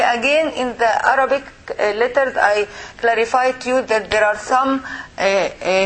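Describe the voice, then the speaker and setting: A woman teaching Arabic letters in a mosque, patiently repeating each sound and modeling pronunciation slowly for her students. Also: a little high, a bit bright, slight background noise, rough recording. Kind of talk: classroom lesson.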